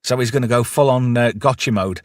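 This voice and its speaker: A man's voice: medium pitch, a little fast, no room sound, studio quality. A man hosting a casual film review chat, retelling the plot and quoting lines with gusto. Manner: recaps plot with lively quoted lines and frequent laughs. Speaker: podcast host.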